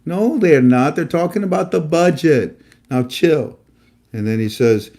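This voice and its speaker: A man hosts a casual live-stream monologue show, speaking emphatically and preachily while often repeating himself and stammering. He has a mellow, mid-range voice and an unhurried pace.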